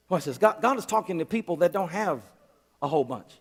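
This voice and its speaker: High-voiced pastor preaching in a hall. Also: male voice, fast talker. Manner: repeats words, stammering restarts, voices God and the people in quotes. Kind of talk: sermon. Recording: long hall reverb.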